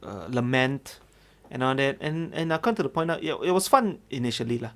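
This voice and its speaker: Malaysian-accented male comedian guest, easygoing conversational delivery, medium pitch. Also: brisk. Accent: Malaysian English. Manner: relaxed, many fillers, frequent affirmations. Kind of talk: casual chat.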